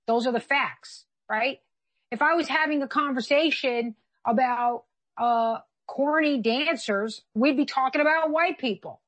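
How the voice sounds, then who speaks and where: A woman's voice: sits high, unhurried, a bit bright. A woman co-hosting a political commentary chat, talking in an emphatic, argumentative way. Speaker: co-host.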